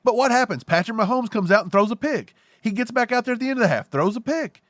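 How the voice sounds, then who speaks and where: A man with a notably high voice runs through a heated, joking rant on a casual sports talk show. The recording is dry and close, with no room sound at all. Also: quick pace, no echo. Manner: animated, joking rants. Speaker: podcast co-host.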